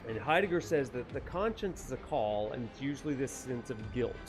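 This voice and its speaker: A man's voice: mid-range voice, expressive, brisk, over music. A man, a university professor, lecturing casually while playing a video game, rambling with many fillers and joking about technical trouble. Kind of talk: casual lecture over gameplay.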